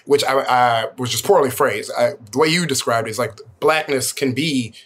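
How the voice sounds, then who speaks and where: A man hosts a relaxed panel discussion and puts a question to his guest. He speaks at an ordinary middle pitch. His phrasing is halting, and he circles back to reword his point several times. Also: slightly rough. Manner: halting, rephrases as he goes.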